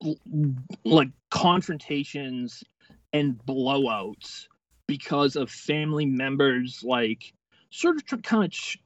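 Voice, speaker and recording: A man's voice: mid-range voice, animated, a bit bright, no echo, highs cut off. A man in his late twenties telling a long, profane story as a podcast guest, rambling and restarting as he goes. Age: 20s. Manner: profane, rambling, quick-tempered delivery. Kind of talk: casual storytelling.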